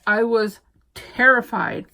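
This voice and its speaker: A middle-aged woman, a homeschooling mom telling stories in a chatty, animated vlog. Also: fairly high pitch, slow, gravelly. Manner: chatty, animated storyteller with frequent fillers. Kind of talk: casual chat.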